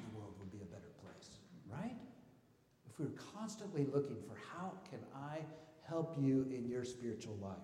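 A man preaching a sermon as pastor of his church, talking in a relaxed conversational way with asides and rhetorical questions. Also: medium pitch. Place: church sanctuary. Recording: roomy hall reverb.

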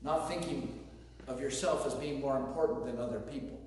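A pastor delivering a conversational sermon with joking asides, speaking to a congregation. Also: male voice, mid-range voice, normal speed, a little mellow. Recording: very echoey hall, distant mic, faint noise.

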